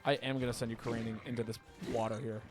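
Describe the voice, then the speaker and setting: A man's voice: mid-range voice, little pitch movement, quick pace, over music. Chatty swearing man streaming a game. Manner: chatty and rambling, swears, reacts loudly to surprises. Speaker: streamer playing a video game. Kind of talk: casual livestream commentary.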